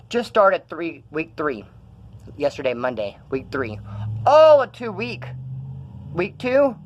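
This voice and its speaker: A man's voice: high voice, lo-fi sound. A young man telling stories in a rambling, profane way while feeling ill, filming himself in a room. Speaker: vlogger. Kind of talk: casual rambling vlog.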